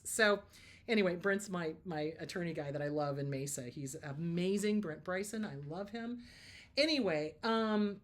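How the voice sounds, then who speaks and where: Emphatic woman therapist giving blunt advice. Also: lowish voice. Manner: emphatic, lively storytelling with laughs and mock quotes. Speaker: therapist hosting a Q&A show. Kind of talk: casual advice talk.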